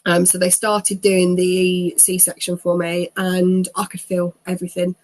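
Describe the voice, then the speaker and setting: A woman's voice: on the low side, monotone, unhurried, darkish tone. A woman in her thirties, an interview guest telling her own story in a chatty way. She laughs often and acts out what people said. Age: 30s.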